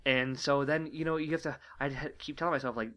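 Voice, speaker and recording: A man co-hosting a casual talk show, talking in halting bursts full of fillers and restarts. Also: mid-range voice, steady tone, bright, forceful tone. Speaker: podcast co-host. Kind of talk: casual chat.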